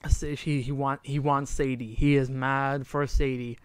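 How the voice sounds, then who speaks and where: A man's voice: mid-range voice, flat delivery, measured pace, clean tone, no room sound. A man co-hosting a podcast in casual chat, animatedly retelling a story and acting out the lines, sometimes trailing off to recall details. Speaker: podcast co-host.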